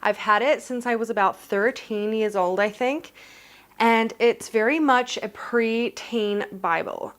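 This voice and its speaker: A young woman who grew up in New Zealand, chatting excitedly through a casual unboxing vlog and gushing with gasps. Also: on the high side, a little slow. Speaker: vlogger.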